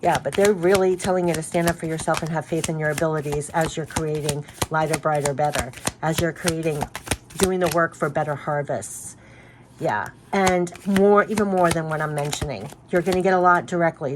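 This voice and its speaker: A woman's voice: deep voice, moderate pace, background noise. A woman giving a spiritual card reading, speaking in an earnest, effusive way and repeating her messages. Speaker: tarot card reader.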